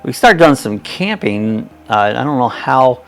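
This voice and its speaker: A man's voice: mid-range voice, very animated, a little slow, vocal fry, a bit bright, faint music behind. A man in his sixties hosting a live chat, talking in a folksy, rambling way, chuckling often as he reads viewers' comments aloud. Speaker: host of a live chat stream.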